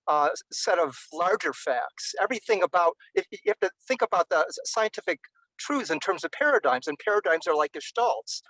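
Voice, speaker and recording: A man in a thoughtful academic discussion, his voice pitched slightly high. He halts often, repeating words and restarting sentences as he builds a point. The recording is dry and close. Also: fairly bright tone, no echo, rough recording. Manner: halting, many restarts and fillers, professorial. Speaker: interviewee.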